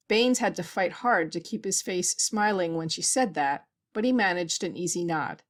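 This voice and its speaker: A woman reading a science fiction story aloud as an audiobook narrator, with a steady, even delivery. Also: on the low side, moderate pace, few pauses. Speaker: audiobook reader.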